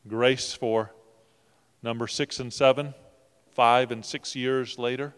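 Earnest pastor in a reverberant church. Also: male voice, medium pitch, fairly even intonation, slow, long pauses, smooth. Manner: earnest, repeats words when moved. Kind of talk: sermon and closing prayer. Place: church sanctuary. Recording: long reverb of a church hall.

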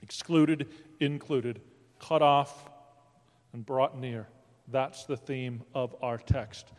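A man's voice: mid-range voice, fairly even intonation, takes it slowly. Emphatic preaching man in an echoing hall. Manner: emphatic preaching with rising calls of "Amen?". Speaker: pastor. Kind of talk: sermon. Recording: long hall reverb.

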